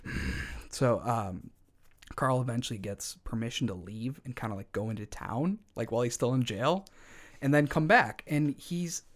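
Male podcast co-host, mid-pitched, casual comedic storyteller with wry asides. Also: moderate pace.

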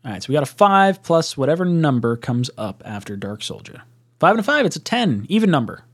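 Animated, lively man with sarcastic humor. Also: on the high side. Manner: animated, self-mocking, quick to laugh. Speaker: podcast co-host. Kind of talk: casual live-stream chat.

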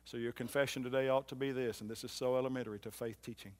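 A man preaching a sermon in a church, swinging from loud emphatic lines to soft low ones and repeating phrases for emphasis. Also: fairly even intonation, fast talker, few pauses. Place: church hall.

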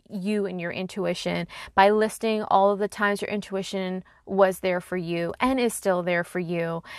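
Woman, podcast host, calm and earnest, encouraging, mid-pitched voice, dry close sound. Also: smooth, no room sound. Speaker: podcast host and intuition coach. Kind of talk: solo podcast talk.

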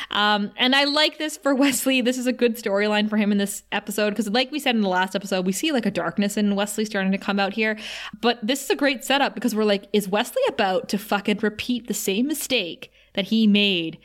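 A woman co-hosting a podcast, recapping an episode in casual chat with animated, giggly asides. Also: mid-range voice, fairly quick. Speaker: podcast co-host.

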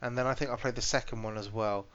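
A man co-hosting a gaming podcast, chatting casually with quick, wry remarks. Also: mid-range voice, steady tone, a bit bright. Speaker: podcast co-host. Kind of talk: casual chat. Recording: dull lo-fi podcast audio.

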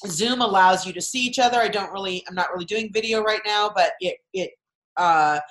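A woman's voice: on the low side, fairly bright tone. A woman podcast host chatting casually over a video call, talking in long run-on sentences. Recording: roomy video call audio.

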